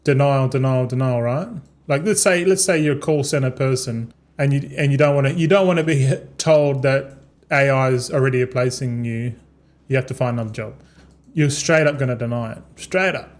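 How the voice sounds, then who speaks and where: A young gaming streamer with a mid-range voice talks a little fast, rambling casually while he plays. He stumbles and repeats himself, restarts often, and swears freely.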